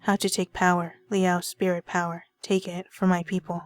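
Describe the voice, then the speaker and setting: A woman reading as a terse, halting leopard spirit man. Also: lowish voice, flat delivery, soft background music, lightly acted. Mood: blunt. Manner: broken halting English, blunt and slow.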